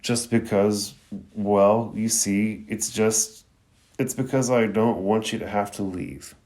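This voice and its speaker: A man reading the quiet, hesitant lines of a shy, nervous teenage girl ninja. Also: lowish voice, steady tone, slow pace.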